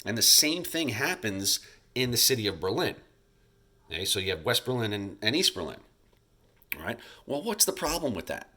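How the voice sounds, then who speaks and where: A male teacher giving a casual recorded history lecture over slides, chatty and loose, talking straight to his students and acting out leaders in quick bits. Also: lowish voice, big pitch swings, pushed and bright. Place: home, recording alone during school shutdown.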